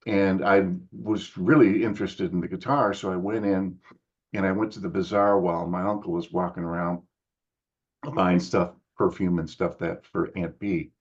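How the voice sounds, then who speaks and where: Older man telling a lively story. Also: normal speed, slightly rough, highs cut off. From United States. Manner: animated storyteller, acts out others' lines in higher voices. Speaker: musician guest. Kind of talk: casual storytelling interview.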